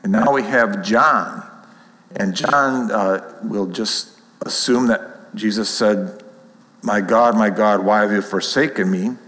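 A man giving a sermon, reading scripture aloud and explaining it in a measured, explanatory way. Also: fairly low pitch, fairly bright tone, in a large hall, low-quality recording. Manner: measured, explanatory, reads aloud then comments. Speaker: preacher.

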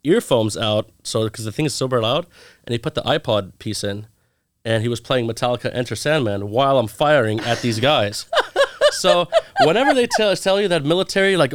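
This is a man in his thirties with an ordinary mid-range voice. He speaks as a guest in a casual interview, telling animated stories and putting on the voices of the people he quotes. The recording is dry, with no room sound. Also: medium pitch, fairly quick, no echo. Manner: animated storyteller acting out quoted dialogue.

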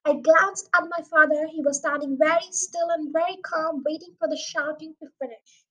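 A woman with a high voice reads a children's novel aloud, chapter by chapter. Her delivery is careful and plain, with lively emphasis on the story. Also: normal speed, muffled recording. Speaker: audiobook reader. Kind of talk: storybook reading.

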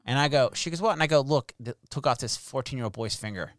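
A man's voice: mid-range voice, fast talker, a bit bright, no room sound, studio quality. A man telling a story in casual chat, acting out quotes and swearing freely.

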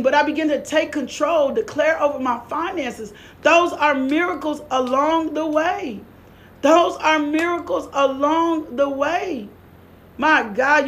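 A woman preaches with a high, fervent voice. She exhorts and repeats lines over and over, breaking into laughter. She sounds middle-aged. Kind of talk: preaching sermon.

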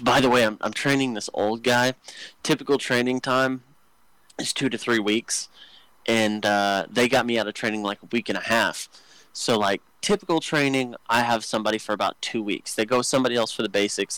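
A young man cracks crude jokes as he rambles through work stories, laughing at his own setups. His voice is dry and close on the mic, at a middle pitch. He talks casually, with plenty of fillers. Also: steady tone, fairly bright tone, no echo, poor audio. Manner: crude, joking, fast rambling with many fillers. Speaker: podcast co-host. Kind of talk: casual storytelling chat.

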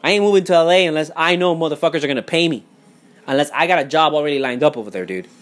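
A man's voice: a little high, racing, faint music behind. Fired-up young man ranting. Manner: heated, profane, repeats himself, swings loud and quiet. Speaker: vlogger. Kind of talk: profane casual rant. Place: home in Miami.

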